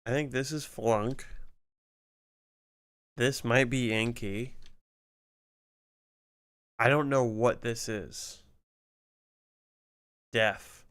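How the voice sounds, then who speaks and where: A man's voice: medium pitch, fairly even intonation, extremely slow, long pauses, fairly bright tone, clear, resonant tone. A man streaming casually, thinking aloud as he works through a crossword, muttering guesses and swearing at the clues.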